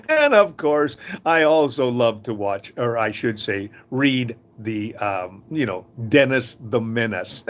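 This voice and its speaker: An older man gives an inspirational talk in a casual, folksy way. His voice swings high and low with lively energy. He often chuckles at his own stories. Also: takes it slowly. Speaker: host of a live talk.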